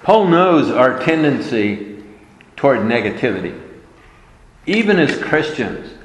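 A man's voice: mid-range voice, sing-song, unhurried, reverberant, in a large hall, a little hiss or hum, low-quality recording. A man preaching a sermon, emphatic and repeating his key words for weight.

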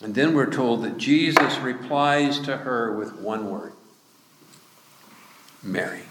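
Slow-speaking preacher in an echoey hall. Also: male voice, mid-range voice, fairly bright tone, slight background noise. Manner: slow, measured retelling of scripture with quoted speech. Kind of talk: sermon. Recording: echoey hall with long reverb.

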